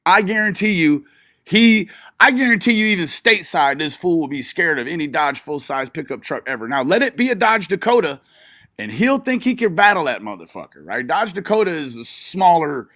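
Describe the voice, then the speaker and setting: A man's voice: on the high side, very animated, a little fast, pushed and bright, no echo, studio quality. A man giving profane, mocking commentary on a stream he is watching, often breaking into laughter. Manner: mocking, swearing, frequent laughing. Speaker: streamer reacting to a live video.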